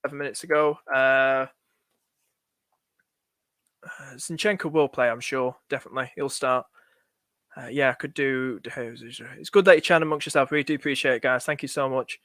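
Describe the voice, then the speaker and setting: A man's voice: mid-range voice, fairly even intonation, moderate pace, long pauses, a bit bright, dry recording, studio quality. A young man on a live stream, thinking aloud in a chatty, anxious way and talking to his viewers. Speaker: fantasy football streamer.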